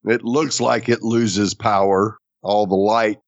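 A man's voice: on the low side, fairly even intonation, slow pace, dry recording, dull audio. A man co-hosting a casual chat, laid-back and chiming in with short agreements. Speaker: podcast co-host.

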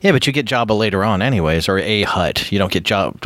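A middle-aged man chatting casually as co-host of a movie commentary, quick and laughing, rambling through his points. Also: fairly low pitch, lively intonation, fairly bright tone, no echo.

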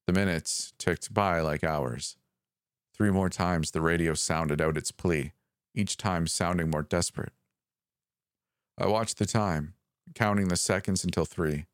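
A man narrating a first-person horror story in a calm, measured way. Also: low voice, no echo, clean studio sound.

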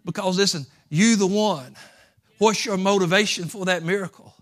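A male pastor preaching a sermon in a folksy way. His voice sits high and rings bright, and he moves between hushed asides and fervent pleading. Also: normal speed. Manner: folksy, swings from quiet asides to impassioned pleading.

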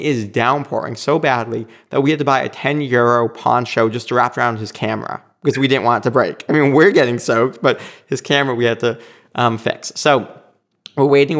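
A man casually telling a personal anecdote, animated and quick to act out what others said. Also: medium pitch. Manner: animated, acts out quoted lines. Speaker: storyteller.

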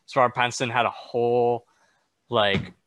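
A man's voice: mid-range voice, steady tone, moderate pace, a bit bright, clear, resonant tone, dry recording. A young man in a casual chat about a film, explaining his view in a loose, thinking-aloud way. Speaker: film discussion co-host.

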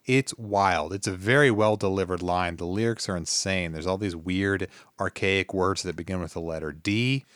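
A man with a fairly low voice chats about music on a podcast, relaxed and full of ums. The sound is dry and close to the mic. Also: moderate pace, few pauses, no echo. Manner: relaxed, hesitant, many fillers. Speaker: podcast co-host. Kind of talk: casual chat about music.

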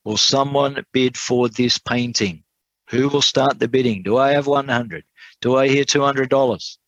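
A man's voice: medium pitch, a little slow, a bit bright, dry recording, highs cut off, pitched above the performer's own voice, lightly acted. A man voicing a persistent male auctioneer who keeps repeating his call for bids. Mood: insistent.

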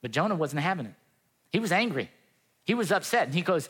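A man's voice: fairly high pitch, very animated, fairly quick, long pauses, a bit bright, husky. A pastor giving a sermon in an earnest, conversational way, acting out the quotes he tells. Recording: long reverb of a hall.

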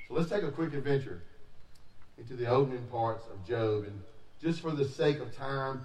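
A male pastor delivers a sermon in a loose, joking, conversational way, breaking into loud emphatic bursts. His voice carries a roomy echo and sits back from the microphone, with faint ambience behind it. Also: mid-range voice, a little fast, recorded from a distance, a little hiss or hum.

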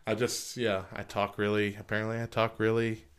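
A man's voice: fairly low pitch, monotone, a little fast, clear, resonant tone. A man co-hosting a casual podcast chat, playful and teasing, who laughs often and is from the southern United States. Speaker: podcast co-host.

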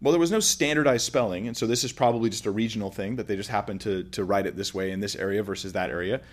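A man's voice: on the low side, fast talker. A man giving an informal lecture, explaining with everyday examples in a conversational way. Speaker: teacher.

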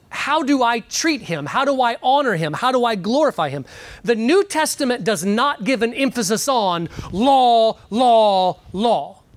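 A man's voice: high voice, fairly bright tone, no echo. A man preaching a sermon earnestly, with frequent "um"s, repeating key words for emphasis. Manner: pauses with frequent fillers.

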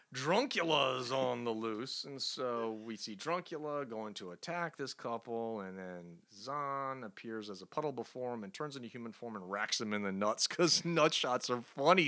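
Sarcastic podcast host, bright lively voice. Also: male voice, mid-range voice. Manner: sarcastic, mocking recap; rhetorical questioning. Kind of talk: casual comic book review chat.

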